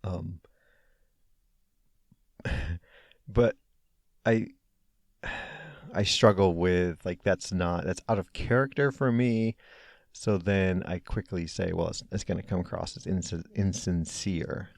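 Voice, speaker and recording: A man hosting a solo podcast, talking in a hesitant, reflective way with lots of fillers and restarts, soft-spoken and low-key. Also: slow pace, gravelly, long pauses, no echo, clean studio sound. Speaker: podcast host. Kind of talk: casual solo podcast monologue.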